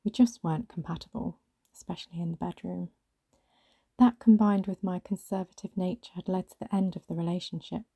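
A woman reads a first-person story in a hushed manner that often slips into a half-whisper. Her voice is husky with a gravelly fry, pitched somewhat low and very dark and mellow in tone. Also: steady tone, fairly quick, no echo. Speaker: narrator.

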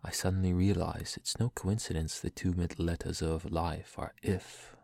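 A young man reading poems aloud in a soft, slow, breathy whisper, in the style of ASMR. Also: sits low, level tone, no room sound. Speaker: poetry reader.

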